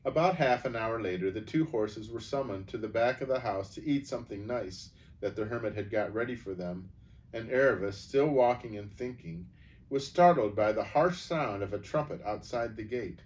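A man reading a children's storybook aloud in a gentle, unhurried way. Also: lowish voice, distant mic.

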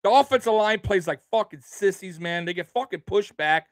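Guy with a kinda high voice doing an angry cussing sports rant, says man and bro a lot, dead dry sound. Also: normal speed, few pauses, no echo. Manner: profane, heated, repeats himself, ends lines with "man" and "bro". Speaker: sports show host.

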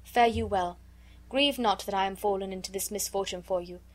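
A woman reading the lines of a calm, resigned male merchant in a storybook. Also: mid-range voice, brisk, natural voice.

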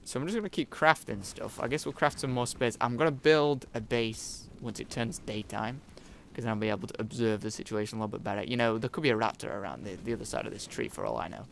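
A young man gives a running let's-play commentary with a gravelly, creaky edge to his voice. He talks in a jumpy, jokey way and swears freely, over a faint hiss in the background. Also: mid-range voice, fast, few pauses. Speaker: gaming YouTuber.

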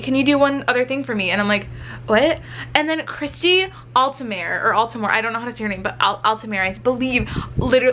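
A woman's voice: on the high side, a bit bright, a little hiss or hum. A woman vlogging casually to camera, chatty and gushing, filling her talk with "like" and recorded on a compact camera's built-in mic. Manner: chatty and gushing, heavy use of "like".

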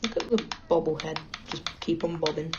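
A woman with a British accent giving excitable, self-mocking gameplay commentary. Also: low-pitched, normal speed, lo-fi sound, background noise. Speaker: gaming channel host.

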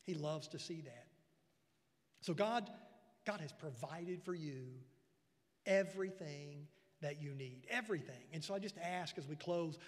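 High-voiced pastor in a reverberant church. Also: male voice, measured pace, pauses often. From United States. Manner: swells loud on repeated phrases, then drops low and quiet; folksy asides. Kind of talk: sermon. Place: church sanctuary. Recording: preached in a church hall with long reverb.

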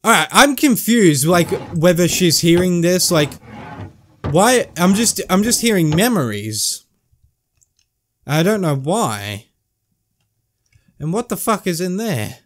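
Casting: man, lively pitch, slow musing let's play commentary. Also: a little hiss or hum. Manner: slow, musing, swears casually. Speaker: gamer.

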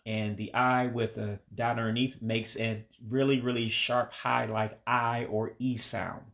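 An American man in his forties giving a casual spoken language lesson, with a relaxed and hesitant delivery that is full of fillers, repeating words slowly for practice. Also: mid-range voice, creaky. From United States. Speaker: language learner teaching vocabulary.

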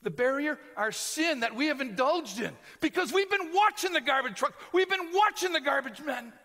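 An American man preaching a sermon as pastor, swinging between loud proclamation and near-whispers. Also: extremely high pitch, animated, normal speed. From United States. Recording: large hall reverb.

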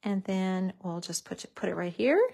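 A woman's voice: medium pitch, moderate pace, gravelly, a little mellow. A woman hosting a craft tutorial, chatting casually and gushing over how cute everything is as she works.

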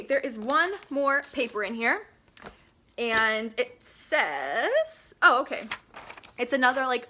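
A young woman with a high, sharp, bright voice chats casually to camera, giggling and teasing herself as she reads out old school papers. Her delivery is playful and self-mocking, with a sarcastic edge. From Pennsylvania, US. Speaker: vlogger. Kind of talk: casual vlog chat, reading old school papers aloud.

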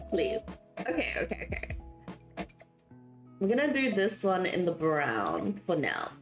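Giggly streamer woman, lively roomy voice. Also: medium pitch, slow, long pauses, faint music behind. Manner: giggly and chatty, reading out and answering chat. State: just woke up, voice not warmed up. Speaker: streamer building in a life-sim game. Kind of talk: casual live-stream chat with viewers.

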